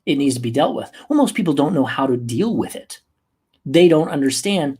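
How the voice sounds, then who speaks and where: A man hosting a motivational podcast as a coach, talking emphatically and moving from slow, soft passages to quick bursts. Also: fairly high pitch, expressive, slightly rough. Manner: emphatic, acts out angry outbursts.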